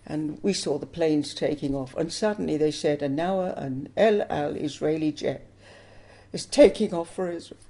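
Older woman with a gravelly voice. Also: low-pitched, moderate pace, mellow. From England. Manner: earnest, emotional storytelling. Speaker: interviewee. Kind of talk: personal testimony interview.

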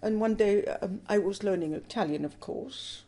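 A woman's voice: mid-range voice, moderate pace, warm tone. An older woman from England, telling her life story in an interview with earnest emotion. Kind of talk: personal testimony interview.

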